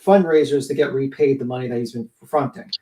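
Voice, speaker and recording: A man's voice: mid-range voice, brisk, mellow. A man co-hosting a livestream in casual chat, rambling with lots of fillers. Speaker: livestream co-host. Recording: distant from the mic.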